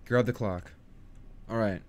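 A man's voice: medium pitch, big pitch swings, slow, darkish tone. A man giving casual commentary on a video game, hyped and talkative, rallying his viewers and goofing around. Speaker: gaming streamer.

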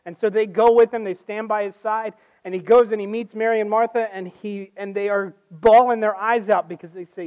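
High-voiced man preaching in a church. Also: brisk, few pauses, narrow, tinny audio. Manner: conversational storytelling, acts out quotes, swings from loud to hushed. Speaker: guest preacher. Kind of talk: sermon.

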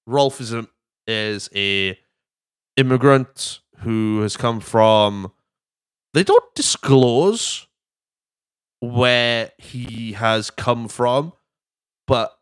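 A man's voice: mid-range voice, clean tone, dry recording, clean studio sound. A young man hosting a podcast in casual chat, rambling and jokey and swearing freely. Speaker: podcast host.

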